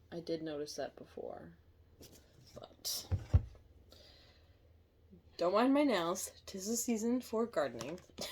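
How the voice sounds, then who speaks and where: A woman giving a casual tarot reading, chatty and thinking aloud, quick to laugh. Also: on the low side, a little mellow, slight background noise. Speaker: tarot reader.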